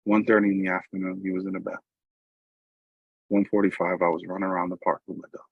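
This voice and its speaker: A man's voice: deep voice, little pitch movement, fast, gravelly, slightly rough, dry recording, phone-quality sound. A middle-aged man from New York with a New York accent, giving a personal recovery talk in a conversational storytelling way with frequent asides to listeners. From New York, USA. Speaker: recovery meeting speaker.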